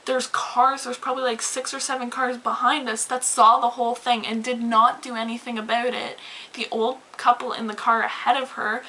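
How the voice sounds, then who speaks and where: A woman vlogger telling a story to camera in an animated, swearing ramble full of "like"s. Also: a little high, moderate pace, a little hiss or hum, poor audio. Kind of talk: casual storytime rant to camera.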